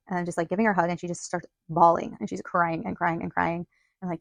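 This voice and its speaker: A woman's voice: on the low side, level tone, quick pace, creaky, no echo. A woman hosting a podcast, telling a personal story in a chatty way, full of "like" and quoted dialogue. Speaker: podcast host. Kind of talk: casual storytelling monologue.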